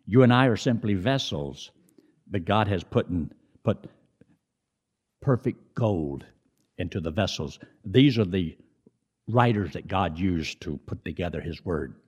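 A middle-aged man preaching a sermon in a conversational way, rising high on emphasis and dropping low between. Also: lively intonation, measured pace, long pauses, darkish tone, breathy edge.

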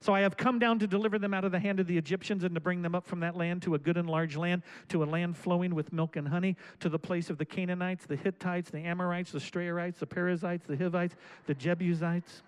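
Male pastor, high voice, reads scripture and then exhorts loudly. Sermon delivery. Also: fairly even intonation, fast talker, few pauses, smooth, low-quality recording. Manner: preaching with rising, shouted exhortations.

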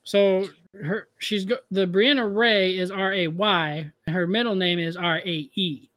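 High-voiced man in casual podcast chat. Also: unhurried, dry recording, studio quality. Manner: relaxed, laughs often, trails off with fillers. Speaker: podcast co-host. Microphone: remote call.

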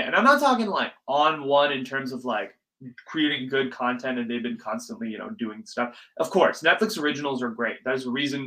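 A man's voice: mid-range voice, fairly bright tone, rough recording. A young man hosting his podcast aftershow in a casual, rambling, profane rant, sniffly from allergies. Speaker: podcast host.

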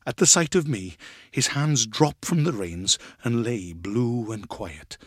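A man narrating a story in a measured, expressive reading. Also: mid-range voice, husky, dry recording, clean studio sound.

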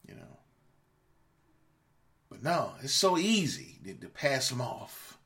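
A man's voice: medium pitch, very animated, takes it slowly, long pauses, a bit bright. A man hosting a podcast, ranting angrily and profanely at his listeners, scolding them and repeating words as he gets worked up. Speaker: podcast host. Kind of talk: angry monologue rant.

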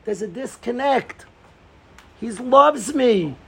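A middle-aged man giving an informal Torah talk to a group, excitable and repetitive, often restarting his sentences. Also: sits high, normal speed, slight background noise. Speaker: Torah teacher.

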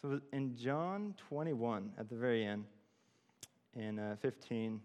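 A man's voice: mid-range voice, slow pace, darkish tone. A man giving an informal sermon, telling a personal story with many fillers and restarts. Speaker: church speaker. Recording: long hall reverb.

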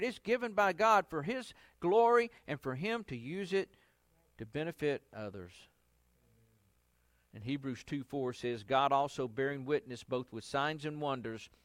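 A male pastor giving a conversational Bible study sermon, acting out the quotes he reads with lively inflections. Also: mid-range voice, no echo.

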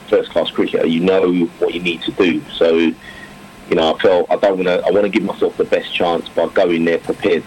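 A man's voice: low voice, a little hiss or hum, rough recording. A man, a cricketer who now coaches, answering interview questions in a loose, rambling way full of fillers and restarts. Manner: rambling, many fillers and restarts, warm laughter.

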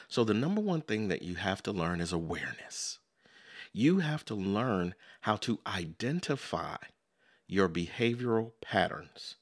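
A man's voice: on the low side, vocal fry. A man hosting a podcast, giving a conversational motivational self-help talk that keeps circling back with "so in other words" and "you know". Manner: acts out everyday quotes in lively voices. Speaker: podcast host.

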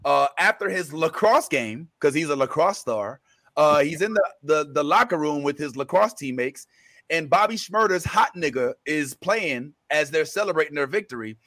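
A man hosting a casual pop-culture talk show, rambling through restarts and fillers and getting animated when he retells scenes. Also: a little high, moderate pace. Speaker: show host.

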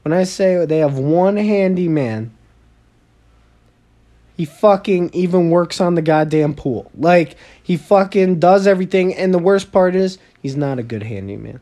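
Young man, podcast co-host, casual banter, swears a lot, mellow tone. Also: high-pitched, a little slow. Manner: profane, joking, bro slang. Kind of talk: casual chat.

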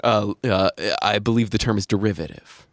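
A man's voice: fairly low pitch, fairly even intonation, normal speed, no echo. A man hosting a casual podcast chat, rambling through tangents with lots of fillers and frequent laughter. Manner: giggly, rambling with many fillers. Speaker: podcast host.

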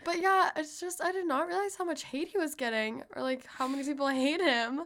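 A woman's voice: sits high, fairly even intonation, a little fast, fairly bright tone, slight background noise. A young woman co-hosting a podcast, playful and teasing in casual chat. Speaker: podcast co-host.

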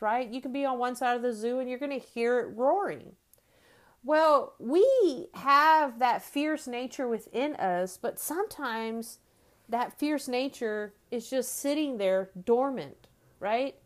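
Casting: woman, fifties, faith podcast host, chatty and searching, voice slightly high. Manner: conversational, frequent "right?" and restarts. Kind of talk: faith-based podcast teaching.

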